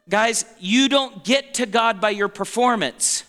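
A man's voice: sits high, unhurried, few pauses, bright, forceful tone. A man in his forties preaching a conversational sermon to a congregation, often checking in with his listeners and laughing. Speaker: pastor.

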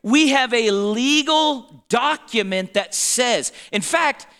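A man in his forties delivers a sermon in a high, bright voice. He talks slowly and deliberately, with a lively lilt that rises and falls. He keeps checking that his listeners are following along. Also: clean tone. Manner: conversational preaching with frequent check-ins and laughter. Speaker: pastor.

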